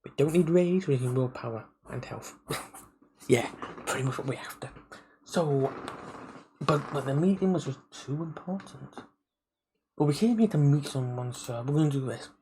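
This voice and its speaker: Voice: medium pitch, normal speed, pauses often, mellow, slight background noise, low-quality recording. A streamer on a live game play-through, reading the story text aloud and stopping to comment, often stumbling over and restarting words.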